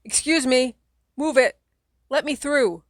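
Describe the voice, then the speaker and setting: A woman voicing the story's young kid hero, shouting urgently at attackers and soothing a little sister. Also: medium pitch, expressive, a little slow, no room sound, clean studio sound.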